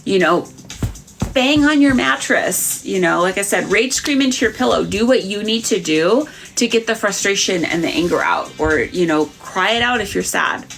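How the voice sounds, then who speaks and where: A woman's voice: medium pitch, lively intonation, normal speed, vocal fry, fairly bright tone, soft background music. A woman doing psychic readings on a live stream, talking frankly to viewers in a chatty way with many fillers.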